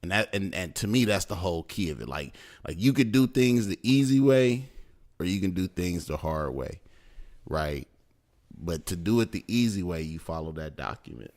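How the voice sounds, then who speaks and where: A man's voice: low-pitched, lively intonation, moderate pace, a little mellow. A man co-hosting a podcast in casual chat, explaining at an easy pace and checking in with "right?" and "you know what I'm saying". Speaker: podcast co-host.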